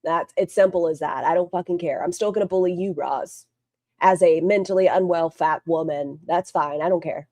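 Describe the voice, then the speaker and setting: Woman streamer, low-pitched and blunt, swears freely and rambles; dry close mic. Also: moderate pace, mellow, no echo. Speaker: streamer commenting on online drama. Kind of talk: casual livestream commentary.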